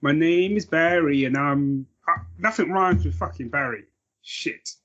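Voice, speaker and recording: A man's voice: fairly high pitch, a little slow, a bit bright, muffled recording, faint music behind. A man hosting a morning podcast, bantering in a dry, joking way. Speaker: podcast host. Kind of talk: casual chat.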